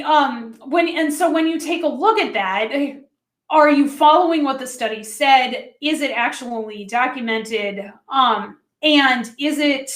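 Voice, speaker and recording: Woman, food safety trainer; fairly high voice, chatty and direct, roomy echo on the recording. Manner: chatty and direct, talks to listeners as friends. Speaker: food safety consultant presenting a webinar. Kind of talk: conversational training presentation.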